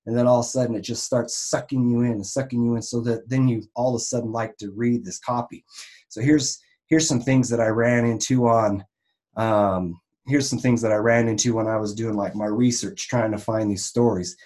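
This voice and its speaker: A man in the vegan health trade talks through marketing lessons in a loose, conversational way. His voice sits at an ordinary middle pitch, and he keeps restarting his sentences and leaning on fillers. He turns animated whenever he acts out an example. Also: moderate pace. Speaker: online marketer in the raw vegan health business. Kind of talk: casual teaching talk on marketing.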